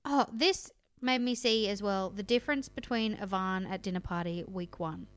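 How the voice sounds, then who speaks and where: A woman's voice: medium pitch, moderate pace. A young adult woman, co-hosting a casual recap, agreeing often and adding emphatic comments. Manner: agreeable, frequent back-channel yeahs, emphatic bursts.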